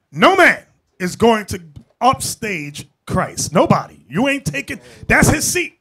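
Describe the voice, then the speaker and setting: A man preaching a fiery sermon, talking emphatically and shouting at times as he addresses the brothers. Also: extremely high pitch, very animated, unhurried, husky. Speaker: bishop preacher.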